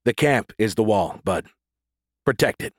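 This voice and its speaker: A man's voice: fairly low pitch, animated, measured pace, dry recording, clean studio sound. A man voicing a firm, wry male squad leader in an audiobook. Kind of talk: audiobook character voice.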